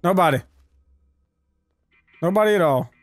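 Man, very high voice, lively swooping pitch, profane gaming commentary, faint music behind. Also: a little slow. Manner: profane, excitable, yelling at enemies. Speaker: gaming video host. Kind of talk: let's play commentary.

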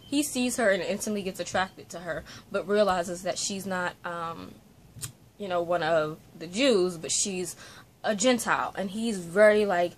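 A woman vlogging a casual book review from her bedroom, talking into a phone on a selfie-stick tripod, rambling and animated with lots of fillers. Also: on the low side, a little slow, a little hiss or hum. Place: bedroom at home.

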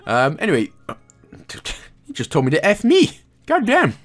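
A Welsh man walks through a video game with a lively, bouncing delivery that sits a little high for a man. He gives step-by-step instructions and keeps slipping in jokey, chuckling asides. Faint game music plays underneath. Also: unhurried. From Wales. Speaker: gaming guide host. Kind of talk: game walkthrough commentary.

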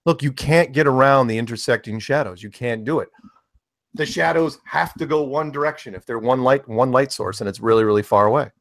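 A middle-aged man with a mid-pitched voice joins a casual online chat as a guest. The sound is close and dry, and he talks in a wry, teasing way, tossing in deadpan jokes. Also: a little fast, vocal fry, dry recording. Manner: joking, dry teasing quips.

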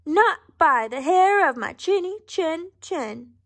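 A woman's voice: extremely high pitch, animated, takes it slowly, fairly bright tone, pitched above the performer's own voice, full character voice. A woman voicing a group of small, frightened but defiant little pigs in a storybook read-aloud.

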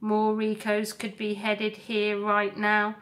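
Woman doing a calm, resolute robot mother. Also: mid-range voice, slow pace. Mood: tender.

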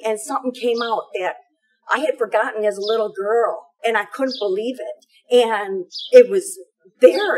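Husky middle-aged woman giving fervent testimony. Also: on the high side, rough recording. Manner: fervent, tumbling storytelling with many fillers. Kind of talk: emotional personal testimony.

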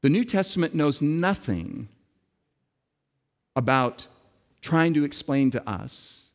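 Male preacher, slow, deliberate sermon delivery with dramatic pauses, long hall reverb. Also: a little high, animated.

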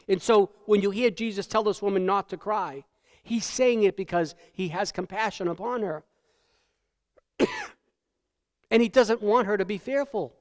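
High-voiced preacher in a reverberant church. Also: male voice, moderate pace, long pauses. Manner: emphatic, swings between loud peaks and hushed lows. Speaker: pastor. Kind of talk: sermon. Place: church sanctuary. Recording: long church hall reverb.

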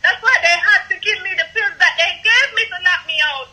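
A Jamaican man with a very high, sharply bright voice, talking in a rambling, repetitive way and slipping into patois. He sounds emotional, close to tears, as he tells his story on a live call. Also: fairly quick, few pauses, poor audio. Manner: rambling, repeats himself, slips into patois. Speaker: guest telling his story.

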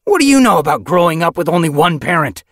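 A man voicing a hurt, angry young tom cat warrior with a sharp, accusing manner. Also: medium pitch, sing-song, normal speed, no echo, clean studio sound, voice pushed up. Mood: furious.

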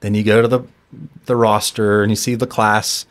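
A man with a somewhat low voice hosts a podcast in easy conversation. He speaks as a coach and agrees often while his guest talks. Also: level tone, moderate pace. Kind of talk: casual conversation.

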